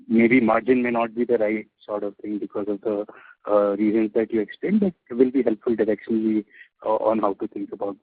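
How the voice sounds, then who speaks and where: Low-voiced analyst man on a phone line. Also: no room sound. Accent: Indian English. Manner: hesitant, filler-heavy questioning. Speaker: analyst asking questions. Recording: dry tinny phone line.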